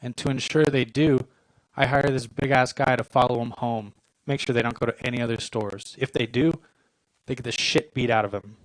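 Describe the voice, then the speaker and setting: A young man in his 20s does stand-up in a comedy club, deadpan and self-deprecating, keeping his punchlines short. Medium pitch, normal speed, no echo, and poor audio quality.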